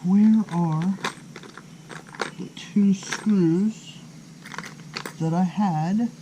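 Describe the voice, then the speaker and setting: A man's voice: high-pitched, drawn-out words, warm tone, a little hiss or hum. A man chatting to his viewers while he works on his scooter outdoors, thinking aloud and poking fun at himself. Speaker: motorbike build vlogger. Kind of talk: casual talk while working on a scooter. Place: outdoors in hot weather.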